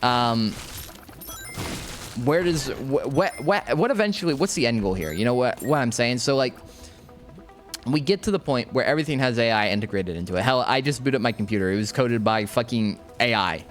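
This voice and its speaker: A man's voice: mid-range voice, expressive, normal speed, faint music behind. A young man casually ranting while playing a video game, slangy and rambling, restarting his sentences often. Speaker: gaming YouTuber. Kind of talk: rambling commentary over gameplay.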